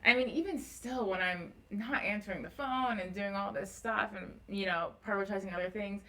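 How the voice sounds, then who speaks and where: Bright-voiced young woman telling stories. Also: medium pitch, moderate pace, low-quality recording. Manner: earnest, emotional storytelling. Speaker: guest, morning news anchor. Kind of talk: casual chat.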